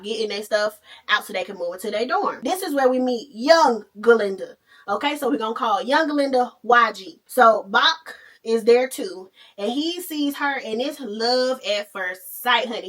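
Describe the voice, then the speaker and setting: A woman hosting a podcast, retelling a movie in a casual, animated way with playful asides. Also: fairly high pitch, far from the mic. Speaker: podcast host.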